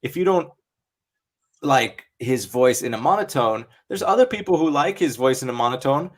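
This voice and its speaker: A man's voice: mid-range voice, lively intonation, normal speed. A man co-hosting a podcast in casual chat, reasoning aloud and asking "right?" and "you know what I mean?". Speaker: podcast co-host.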